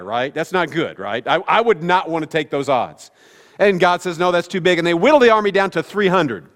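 A man's voice: sits high, fairly bright tone, big-room sound. A middle-aged male pastor preaching a conversational sermon, with joking asides to the congregation. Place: church sanctuary.

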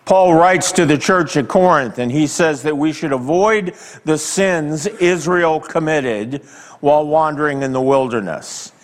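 A male pastor preaching a sermon slowly and emphatically, with dramatic pauses, and asking the congregation direct questions. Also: on the high side. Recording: long hall reverb.

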